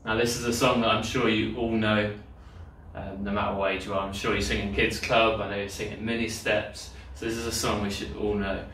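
A man's voice: lowish voice, little pitch movement, a little fast, slight background noise. A man leading children's worship in a cheerful, encouraging way, explaining to the kids at home. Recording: echoey room, distant mic, loud guitar. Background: own guitar playing.

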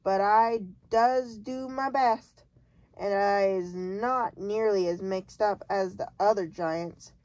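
Lady putting on a kindly mixed-up giant guy, loud and insistent, jumbled grammar, slow reading. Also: steady tone, muffled recording, close to an everyday voice. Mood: earnest. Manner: jumbled grammar, booming and emphatic. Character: big friendly male giant, muddled, kindly.

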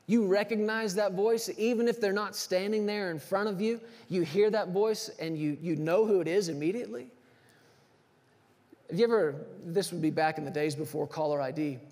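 A man preaching a sermon as pastor, animated and acting out everyday scenes. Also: sits high. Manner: animated storyteller, acts out phone calls. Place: church sanctuary. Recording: long church reverb.

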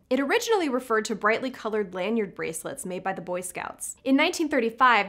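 A woman hosts a scripted educational video in a fairly high voice that moves up and down a great deal. She delivers her facts in a playful way and tosses in jokey asides. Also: a bit bright. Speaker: host, editor-in-chief.

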